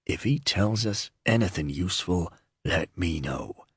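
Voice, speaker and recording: A man voicing a wily, weather-beaten older sergeant with a gruff, sardonic manner in an audiobook. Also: lowish voice, animated, normal speed, no echo, clean studio sound.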